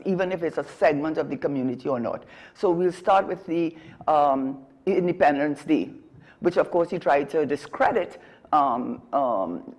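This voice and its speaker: A woman's voice: low-pitched, a little mellow. A woman with a Trinidadian accent giving emphatic political commentary as a talk show guest, often correcting herself mid-sentence. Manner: emphatic, argumentative, frequent self-corrections.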